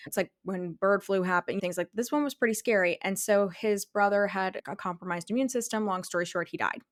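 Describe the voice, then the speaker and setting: A woman hosting a podcast, talking in a warm, supportive, chatty way. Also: medium pitch, brisk, no echo, studio quality. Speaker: podcast host. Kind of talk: casual conversational podcast.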